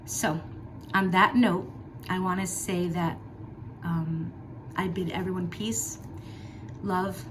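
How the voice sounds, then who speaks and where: With long pauses and a slow pace, a middle-aged woman vlogger opens up to her viewers, her low-leaning voice fairly even in intonation. She repeats points for emphasis and uses casual fillers, and background noise runs through the clip.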